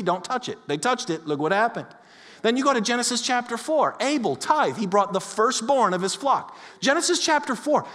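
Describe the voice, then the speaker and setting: A pastor preaches in a church, his voice high for a man and echoing with a long hall reverb. He tells stories animatedly, acting out the voices of the people in them. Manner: animated storytelling, acts out quoted voices. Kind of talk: sermon. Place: church sanctuary.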